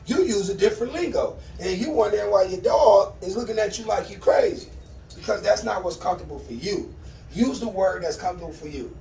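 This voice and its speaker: A man with a fairly high voice gives relaxed, chatty dog-training advice and keeps repeating commands to his dog. He sounds a little away from the mic, in a roomy space with a faint hum behind him. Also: recorded from a distance. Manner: laid-back, conversational, repeats dog commands. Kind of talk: casual instructional vlog. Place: at home with his dogs.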